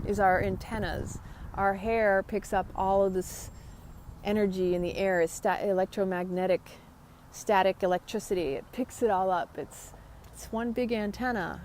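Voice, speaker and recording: Woman host, mid pitch, chatty and rambling, casual wellness live stream, faint hiss behind. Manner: chatty, rambling, greets viewers by name. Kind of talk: casual live chat about yoga and wellness.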